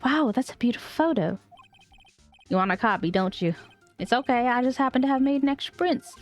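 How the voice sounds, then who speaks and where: A woman's voice: high-pitched, a little fast, faint music behind, pitched above the performer's own voice, natural voice. A woman voicing a nervous, lovesick young man from a game who stammers and puts on a Southern drawl. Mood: smitten. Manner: stammering, flustered.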